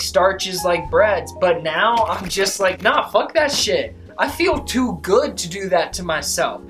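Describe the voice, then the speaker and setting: Low-voiced, profane, emphatic young woman. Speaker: vlogger. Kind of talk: casual motivational monologue.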